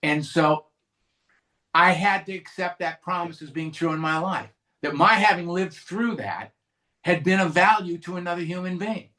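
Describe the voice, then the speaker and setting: A man's voice: high-pitched, normal speed, pushed and bright. A man from California sharing his recovery story at a meeting, candid and conversational, with restarts and asides. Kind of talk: personal recovery share to a live group.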